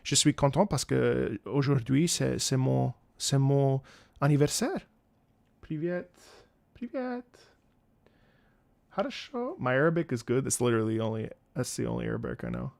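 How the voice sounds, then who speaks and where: A man's voice: medium pitch, steady tone, brisk, vocal fry, darkish tone. A man in his thirties, a streamer and opera singer, chatting casually and playfully with his viewers and stumbling through greetings in other languages. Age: 30s. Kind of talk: casual live-stream chat.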